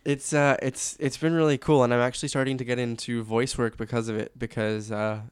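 A man's voice: mid-range voice, little pitch movement, a little fast, clear, resonant tone, no echo. A young man from Canada, a sports announcer guest, chatting candidly and laughing easily. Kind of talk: casual interview chat.

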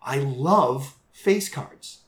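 A man's voice: mid-range voice, expressive, drawn-out words, fairly bright tone, reverberant. A man who runs a live tabletop game show, chatting animatedly and laughing often in an interview. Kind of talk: casual interview chat.

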